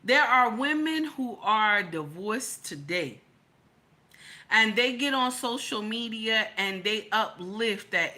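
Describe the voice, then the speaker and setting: A woman's voice: a little high, animated, takes it slowly, sharp tone. A middle-aged woman hosting an opinionated livestream, blunt, profane and preachy, greeting her chat as she talks. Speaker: livestream host.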